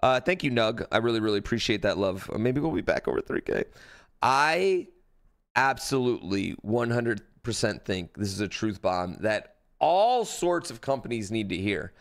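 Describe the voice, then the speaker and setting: A man's voice: fairly low pitch, very animated, moderate pace. A man streaming live, reacting in a blunt, rambling way, with lots of fillers and swearing. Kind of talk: casual livestream reaction chat.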